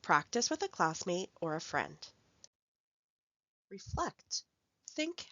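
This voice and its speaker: A woman narrating a recorded language workshop, speaking clearly and carefully as she reads out example phrases. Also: medium pitch, sing-song, slow, long pauses, pushed and bright, dry recording, lo-fi sound. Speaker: language support instructor.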